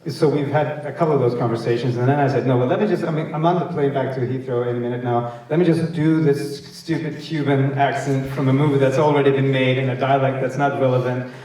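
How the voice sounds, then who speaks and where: A man's voice: mid-range voice, steady tone, fast talker, hardly any pauses, dark tone. A man, an actor, telling anecdotes on stage in a rambling, hesitant way and laughing often. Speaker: actor guest. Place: festival stage event. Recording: echoey hall, distant mic.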